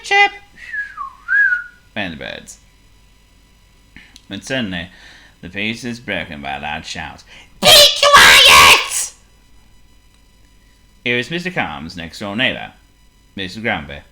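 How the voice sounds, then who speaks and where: Animated man reading a storybook. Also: fairly low pitch, slight background noise. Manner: animated, theatrical read-aloud. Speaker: narrator.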